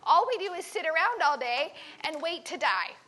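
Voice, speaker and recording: A woman's voice: extremely high pitch, sing-song, normal speed, pushed and bright, full character voice. A woman voicing a group of hopeless, desperate male prisoners in a story for children. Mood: pleading. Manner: pleading.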